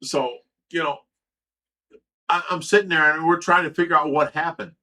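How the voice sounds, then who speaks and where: A man's voice: fairly high pitch, fairly even intonation, normal speed, bright, forceful tone. A middle-aged man from Ohio hosting a livestream, telling a story casually, swearing freely and stammering over repeated words. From Ohio, USA. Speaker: livestream host.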